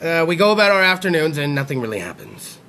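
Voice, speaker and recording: A man hosting a comedy talk show, telling profane stories in an animated way and acting out the characters himself. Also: fairly high pitch, quick pace. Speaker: host.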